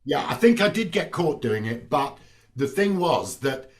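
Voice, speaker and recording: A middle-aged man chatting as a guest on a video call, telling family anecdotes in a relaxed storytelling way. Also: fairly high pitch, measured pace, far from the mic. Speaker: actor guest. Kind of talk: casual video-call chat.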